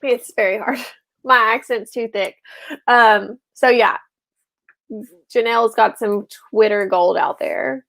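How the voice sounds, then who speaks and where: Chatty woman co-host, higher voice. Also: steady tone, creaky, a bit bright. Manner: chatty, with frequent ums and quick laughs. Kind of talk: casual live-show chat.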